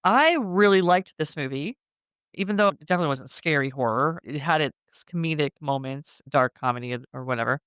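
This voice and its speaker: A man's voice: on the high side, expressive, brisk, fairly bright tone, smooth, dry recording, studio quality. A man co-hosting a podcast who adds short reactions and opinions while discussing a movie. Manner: short backchannels and opinionated comments. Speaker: podcast co-host.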